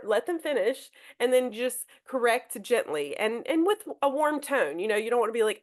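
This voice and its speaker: A woman's voice: fairly high pitch, big pitch swings, moderate pace, few pauses. A woman teacher talking through a lesson on a live podcast, chatty and hesitant, often restarting her sentences.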